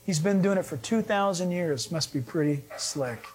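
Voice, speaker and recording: A man preaching a sermon with a notably high voice. His tone is husky, and he tells stories in an animated way, acting out quotes. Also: normal speed. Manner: animated storytelling, acts out quotes. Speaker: pastor.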